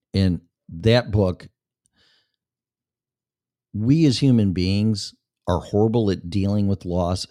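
Deep-voiced, blunt male show host. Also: warm tone, no room sound, studio quality. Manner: blunt, profane, talks straight to a listener. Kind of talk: casual talk to listeners.

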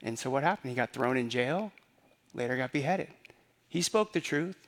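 A man's voice: mid-range voice, animated, normal speed. A man preaching a sermon in a conversational way, often repeating phrases and asking rhetorical questions. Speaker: pastor.

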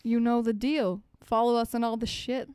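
A woman's voice: fairly high pitch, fairly even intonation, normal speed, dark tone, smooth, dry recording, studio quality. Playful swearing woman podcast host. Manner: playful, swears casually, laughs often. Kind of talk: casual true-crime podcast chat.

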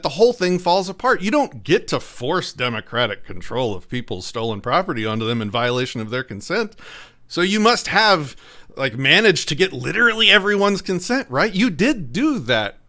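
A man putting on a calm male arbitrator who questions patiently and with mock politeness. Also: on the high side, moderate pace. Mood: mock-polite.

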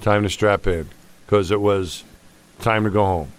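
A man's voice: on the low side, steady tone, smooth. A man hosting a podcast, chatting casually with short, joking replies. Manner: joking, quick backchannel replies. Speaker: podcast host.

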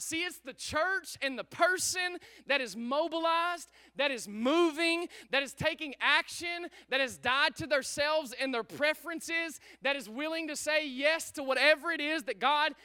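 A man preaching a sermon as pastor, energetic and calling for responses from the congregation. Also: extremely high pitch, normal speed, few pauses, dry recording. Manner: energetic, call-and-response, urging listeners.

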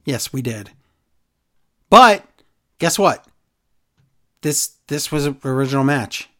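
Taking it slowly, a medium-pitched podcast host chats casually through a wrestling show recap. His delivery is animated and sarcastic, and he acts out quotations in other voices.

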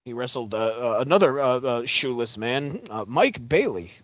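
A man of middling pitch throws in quick puns and dry quips while watching a match with friends. The recording is dry and a little dull, with no room sound. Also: animated, no echo. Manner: quippy, punning. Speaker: podcast co-host. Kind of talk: casual banter watching wrestling.

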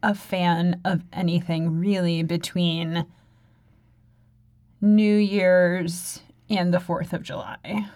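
A woman's voice: on the low side, fairly even intonation, slow pace, darkish tone. A woman co-hosting a podcast in casual chat, with dry, joking asides. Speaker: podcast co-host.

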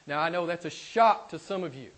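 A man with a fairly high voice delivers a sermon from the pulpit. He drives his points home by repeating them, pushing some lines out loud and dropping others almost to a murmur. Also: expressive, brisk, rough recording. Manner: emphatic, repeats key phrases, swings from loud to quiet. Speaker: pastor. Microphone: recorded for a podcast.

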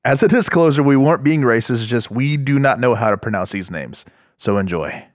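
American dude, medium voice, deadpan punchlines, bouncy delivery, bone dry mic. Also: male voice, medium pitch, no room sound. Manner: deadpan, drawn-out jokes. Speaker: podcast co-host. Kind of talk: casual chat.

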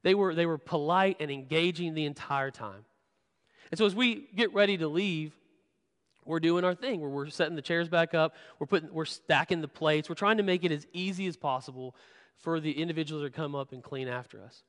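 A man's voice: fairly high pitch, brisk, fairly bright tone, in a large hall. A man preaching a sermon, telling a candid personal story and often repeating words as he stresses a point. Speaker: pastor. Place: church sanctuary.

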